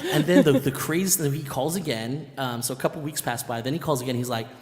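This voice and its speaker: Guy from a band telling a story, animated, laughing, long hall reverb behind him. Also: mid-range voice, a little fast, a crowd in the background. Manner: animated, laughing, acts out quotes. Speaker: band member, musical guest. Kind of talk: casual storytelling.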